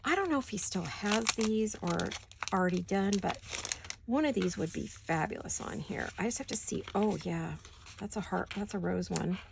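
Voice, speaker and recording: A woman with a gravelly, fry-edged mid-range voice talks at normal speed while working on a craft project at her home desk. The crafting channel host thinks out loud in a casual craft-along chat, drifting into soft muttered asides, with steady background noise under the home recording.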